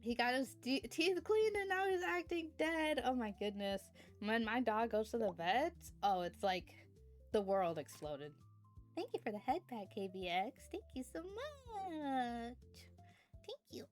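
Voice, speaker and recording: A woman's voice: on the high side, expressive, a little slow, faint music behind. A woman streamer in casual chat, rambling from topic to topic and thanking her chat viewers.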